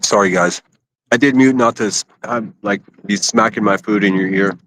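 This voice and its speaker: Man, lowish voice, rambling casual chat, bit crude, livestreaming on a phone, outdoors in a park. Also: moderate pace, fairly bright tone, no echo. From Pittsburgh, USA. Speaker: IRL livestreamer. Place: outdoors in a riverside city park.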